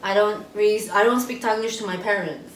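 A woman in her twenties co-hosting a casual late-night chat, animated and quick to react and laugh. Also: medium pitch. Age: 20s. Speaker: podcast co-host. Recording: roomy, distant mic, faint hiss.

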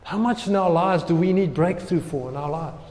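A young man preaching, telling a personal story in an animated way and acting out his own prayers. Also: a little high, normal speed, big-room sound. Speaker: pastor.

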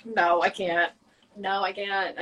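A woman co-hosting a casual podcast, talking in a relaxed, joking, slangy way. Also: medium pitch, slow pace. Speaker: podcast co-host. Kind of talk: casual chat about books. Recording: distant mic with faint background hum.

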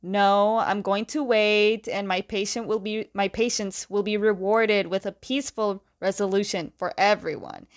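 A woman's voice: medium pitch, steady tone, normal speed, few pauses, lightly acted. A woman voicing a stubborn, conflicted young male ruler as she retells a story, talking in a defiant, indignant way.

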